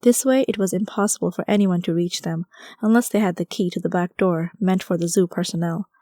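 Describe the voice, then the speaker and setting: A woman narrates a first-person audiobook in a wry, conversational way. Her voice is mellow and soft-edged. The recording is dry and close, with no room sound. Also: fairly low pitch, brisk, no room sound.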